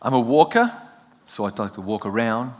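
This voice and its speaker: A man's voice: mid-range voice, sing-song, moderate pace. An Australian man giving a chatty, joking sermon as a guest preacher. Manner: chatty, self-joking, laughs often. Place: church sanctuary. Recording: long church hall reverb.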